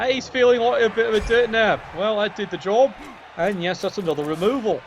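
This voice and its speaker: A man's voice: sits high, a little fast, a little hiss or hum. A man giving casual, jokey play-by-play commentary on a video game match, swearing freely and keeping a wry tone.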